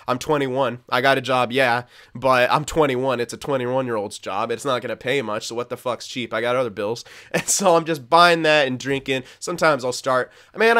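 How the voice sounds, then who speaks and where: A man's voice: medium pitch, pushed and bright. A young man in his twenties giving casual, candid commentary over a video game, rambling, swearing often and laughing at himself. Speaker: gaming channel host.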